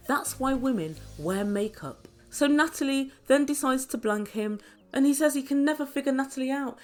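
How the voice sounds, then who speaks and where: A woman's voice: high voice, darkish tone. A woman giving an opinionated, sarcastic recap of a reality show, talking straight to her viewers. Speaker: reality TV reviewer. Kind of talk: chatty commentary recap.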